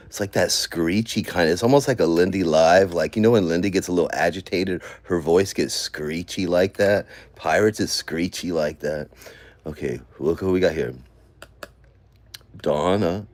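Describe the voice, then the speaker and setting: Brief: deep-voiced male vlogger, casual, mumbles while scrolling, flares into rants. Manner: muttering to himself, then ranting loudly. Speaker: online commentary vlogger. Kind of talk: rambling casual commentary while scrolling comments.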